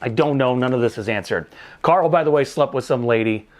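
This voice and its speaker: A man's voice: medium pitch, a little fast. A man hosting a casual movie review show, recapping the plot with jokes, exasperated asides and casual swearing.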